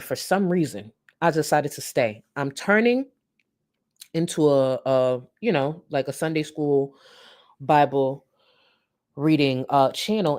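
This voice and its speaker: A woman's voice: sits low, darkish tone. A woman doing casual live-stream commentary. She talks bluntly, swears freely and slips into mocking sweetness. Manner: blunt, profane, sarcastic.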